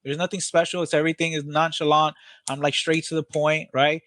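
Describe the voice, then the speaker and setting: A man talking as a podcast guest about training salespeople, energetic and blunt, swearing casually in relaxed chat. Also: on the high side, fairly quick, no echo.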